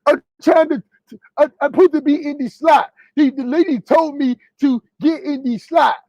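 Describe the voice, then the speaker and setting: A man's voice: very high-pitched, steady tone, moderate pace, no echo, muffled recording. A man imitating a flustered rival truck driver who stammers and insists. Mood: insistent.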